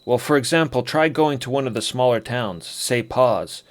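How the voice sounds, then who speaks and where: A man voicing a proud, boastful male sword trainer who speaks in formal, old-fashioned language, in a medium-pitched voice. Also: moderate pace, natural voice. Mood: grumbling.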